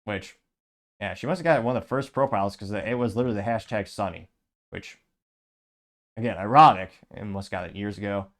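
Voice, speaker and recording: A man's voice: fairly low pitch, fairly quick, long pauses, fairly bright tone. Sarcastic man mocking as he reads comments. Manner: sarcastic, mocking, rambling with asides. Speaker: commentary show host. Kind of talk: casual commentary reading social media comments.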